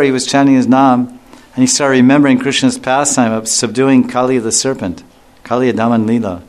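A man teaching a devotional scripture class in a relaxed, joking way, often chuckling. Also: mid-range voice, brisk. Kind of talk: scripture lecture.

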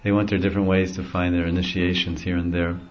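A man's voice: sits low, flat delivery, fast. A middle-aged man, a spiritual teacher, giving an easygoing devotional talk and chuckling often as he explains. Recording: dull lo-fi recording.

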